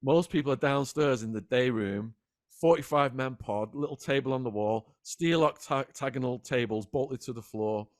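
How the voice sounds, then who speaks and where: A man guest in a sit-down interview, retelling events in an animated, dramatic way. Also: medium pitch, normal speed, no room sound, studio quality. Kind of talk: vivid storytelling in a sit-down interview.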